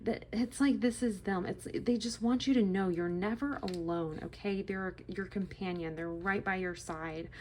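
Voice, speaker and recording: A woman giving a casual, gentle tarot reading to her viewers, reassuring and repeating herself with frequent "okay?" checks. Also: medium pitch, moderate pace, hardly any pauses, a little hiss or hum. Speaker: tarot reader.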